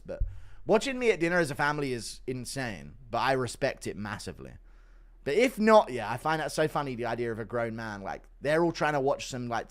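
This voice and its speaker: A young man hosting a casual livestream, swearing, laughing often and mocking viewers as he reads donations. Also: medium pitch. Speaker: livestream host reading donations.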